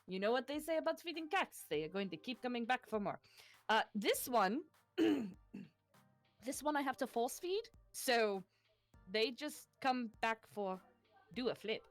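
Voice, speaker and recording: Giggly woman co-streamer with a lively voice. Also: on the high side, a little slow, long pauses, faint music behind. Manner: chatty, giggly, addresses chat directly. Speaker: co-streamer, guest. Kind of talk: casual stream chat.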